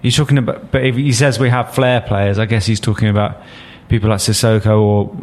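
A man's voice: on the low side, steady tone, a little fast, a little mellow. A man hosting a casual sports podcast, steering the chat with dry joking asides. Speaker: podcast host.

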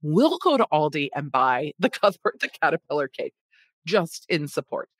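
A woman's voice: low-pitched, very animated, moderate pace, slightly rough, no room sound. A woman hosting a podcast, chatting casually and wryly about a food lawsuit. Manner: chatty, wry, sarcastic asides. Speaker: podcast host.

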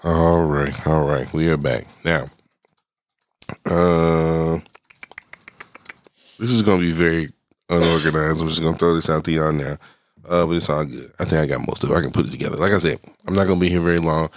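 A man's voice: a bass voice, fairly even intonation, fairly quick, pauses often. A middle-aged man hosting a casual solo podcast, sounding congested and talking in a loose, rambling way that keeps interrupting itself. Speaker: podcast host.

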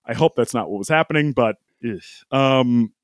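A man of middle pitch tells a story in a loose, rambling way, full of fillers and small laughs. He slips into the voices of the people he quotes. The sound is dry and close. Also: normal speed, dry recording. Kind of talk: casual storytelling.

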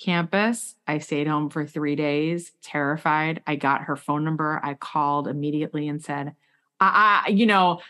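A woman interviewing a guest, telling a long personal story in a chatty, animated way with many asides. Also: low voice, normal speed. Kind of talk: casual interview chat.

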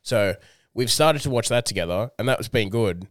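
A man's voice: mid-range voice, lively intonation, moderate pace, dry recording. A man, co-hosting a comedy podcast with dry, jokey asides in casual chat.

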